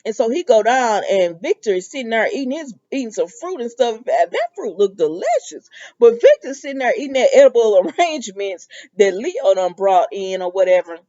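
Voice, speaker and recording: Give me a chatty woman recapping a soap, mellow and a bit muffled. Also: a little high, fairly quick. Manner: animated storytelling, sassy asides to characters. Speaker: soap opera recap vlogger. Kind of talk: casual recap with quoted dialogue.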